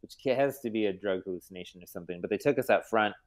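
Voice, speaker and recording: A man's voice: fairly low pitch, very fast. A man telling self-mocking anecdotes as a podcast guest, in casual chat and often laughing. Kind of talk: casual storytelling.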